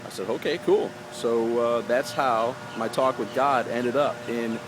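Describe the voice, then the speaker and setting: A man's voice: mid-range voice, level tone, measured pace, background noise. A middle-aged man casually telling a personal story to camera in an earnest, chatty way, with fillers and restarts, recorded outdoors with lawn workers nearby.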